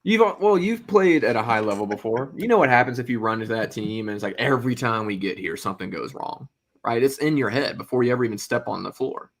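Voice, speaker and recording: A man's voice: mid-range voice, quick pace. A man co-hosting a casual sports talk show, making blunt, opinionated points with rhetorical questions. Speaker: podcast co-host.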